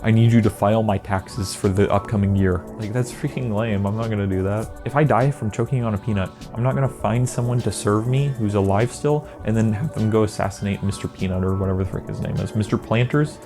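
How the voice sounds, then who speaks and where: A man's voice: fairly low pitch, fast, few pauses, over music. A man delivering a comedic rant monologue as a video creator, sarcastic and exasperated, with exaggerated asides. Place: indoor green-screen setup.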